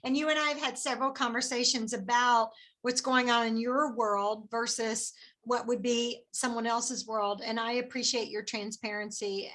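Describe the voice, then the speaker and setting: Upbeat woman host, high bright voice, effusive with praise. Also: steady tone, moderate pace, hardly any pauses. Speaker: team leader hosting the call. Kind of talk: motivational business call.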